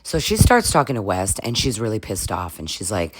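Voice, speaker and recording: A woman's voice: a bass voice, sing-song, normal speed, few pauses, husky, no echo. A woman giving a casual, sassy reality-TV recap, laughing often and swearing freely. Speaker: recap vlogger.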